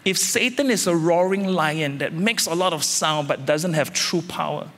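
A man preaching a sermon as senior pastor, emphatic, repeating phrases and climbing suddenly louder. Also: a little high, moderate pace, in a large hall.

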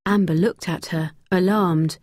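A woman narrating a graded-reader story slowly, clearly and expressively. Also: fairly low pitch, fairly even intonation, darkish tone, dry recording, clean studio sound.

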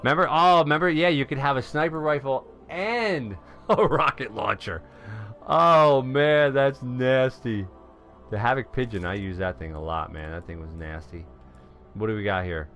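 Middle aged new york guy streaming games live, bright punchy voice, gets loud and excited, chats to the folks watching. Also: on the low side, fairly quick, faint music behind. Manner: excitable, shouts at wins, talks to viewers as folks. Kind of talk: live gameplay commentary.

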